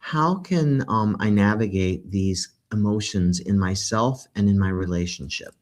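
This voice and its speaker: A man's voice: on the low side, a little slow. A man hosting a podcast, talking earnestly in a casual conversation and reading out listener questions. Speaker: podcast host.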